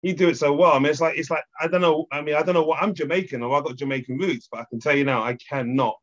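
A man interviewing a guest in a casual chat, encouraging him with frequent soft agreement. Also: on the high side, rapid-fire, slight background noise. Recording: dull lo-fi sound.

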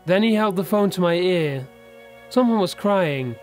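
A man narrating a horror story in a steady, serious storytelling voice. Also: sits high, a little slow. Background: faint background music.

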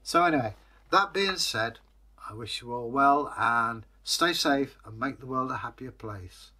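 A man hosting a storytelling channel, telling a folktale and then chatting to viewers in a rambling, friendly way with pauses. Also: mid-range voice, lively intonation, bright, forceful tone. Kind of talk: folktale storytelling, casual sign-off.

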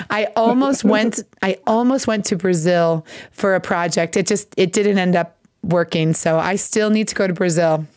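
An American woman, a native English speaker, hosting a live English lesson stream, chatting warmly and trying out halting Portuguese over a headphone mic. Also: medium pitch, no room sound, studio quality. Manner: gushing, reads chat names aloud, halting Portuguese. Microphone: headphone mic on a video stream.

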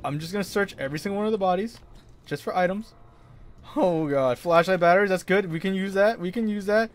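High, jumpy male horror game streamer. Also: a little fast. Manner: jumpy, yelps and nervous laughter. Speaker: gaming streamer. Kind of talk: horror let's play commentary.

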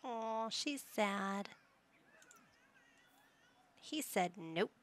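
A woman's voice: mid-range voice, animated, very slow. A woman giving casual commentary while playing a life-simulation game, chatting to the characters and reading options aloud. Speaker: gaming YouTuber.

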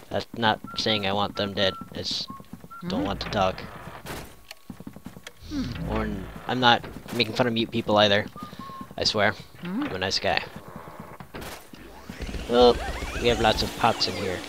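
A man giving casual, rambling commentary on a video game, full of sarcastic asides. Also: on the low side. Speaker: let's play commentator. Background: video game music.

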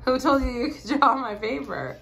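A woman's voice: high voice, fairly quick, vocal fry, over a noisy crowd. A woman voicing her baby son as an indignant little boy who is offended that someone drew on his paper, speaking in mock-offended, exasperated questions.

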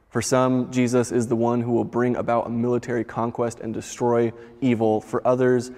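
A man telling a story and reflecting on it in a church service, calm and measured. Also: medium pitch, in a large hall.

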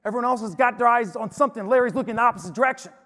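A man preaching to an audience in an energetic, emphatic storytelling way. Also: very high-pitched, racing. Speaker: speaker. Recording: long hall reverb.

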